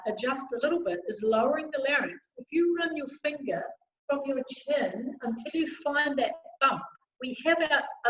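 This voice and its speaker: Woman vocal coach, high and unhurried, demonstrates vowels on a roomy, dull video call. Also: a little hiss or hum. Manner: encouraging, demonstrates sounds loudly. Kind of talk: online vocal warm-up lesson.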